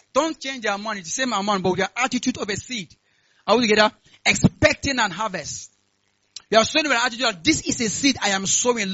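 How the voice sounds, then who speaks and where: High bright-voiced fervent man preaching. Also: dry recording, highs cut off. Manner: call-and-response, asks "are we together?"; rising to loud fervent prayer. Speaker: pastor. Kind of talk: sermon with announcements and prayer. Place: church.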